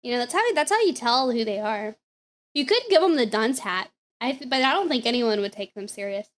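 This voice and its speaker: A woman's voice: on the high side, lively intonation, brisk. A young woman from the American South with a Southern accent, telling a story casually and laughing often. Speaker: streamer reacting to videos.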